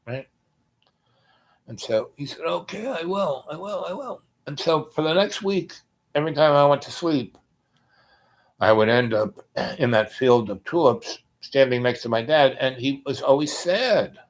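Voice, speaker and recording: A man casually telling a personal story, rambling and hesitant with many pauses and restarts, going quiet when he quotes others. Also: mid-range voice. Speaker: podcast host.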